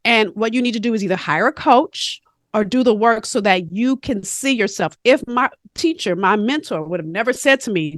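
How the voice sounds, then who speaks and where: A woman with a fairly high voice, speaking as a guest coach in a podcast interview. She tells her stories in an animated, emphatic way. The recording is dry and close, with no room sound. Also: moderate pace, no echo.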